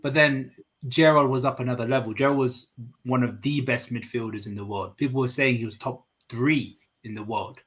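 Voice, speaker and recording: A man defends his point in a football debate on a video call. His voice is mid-pitched with a husky edge. He presses his case, repeating phrases as he goes. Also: steady tone, normal speed, fairly bright tone. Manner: argumentative, repeats himself when making a point. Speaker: host. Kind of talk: casual football chat.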